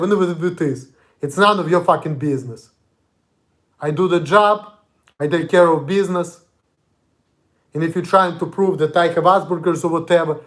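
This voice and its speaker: Ranting with anger and plenty of profanity, a young vlogger from Russia confronts his audience in a monologue. His Russian-accented voice sits high and has a fairly bright tone.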